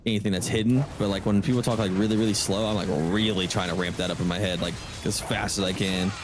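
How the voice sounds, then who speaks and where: Man, low-ish voice, casual gaming voice chat, rambling, background noise. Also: steady tone, fast. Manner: chatty, many likes and restarts.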